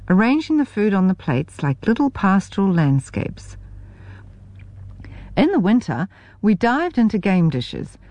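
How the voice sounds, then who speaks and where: Wry, lively New woman reading. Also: medium pitch, no echo. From New Zealand. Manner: wry, expressive storytelling. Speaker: memoir narrator. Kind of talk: reading a memoir aloud.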